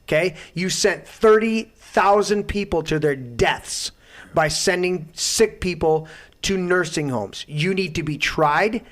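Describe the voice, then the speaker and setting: A man with a high voice speaks slowly while hosting his own talk show. He delivers a loud, indignant rant full of heavy swearing.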